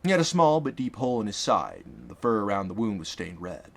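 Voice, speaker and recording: A man reading a fantasy audiobook aloud in an expressive, dramatic manner. His pitch rises and falls a great deal, giving the narration strong shape. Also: brisk, vocal fry. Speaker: author and narrator.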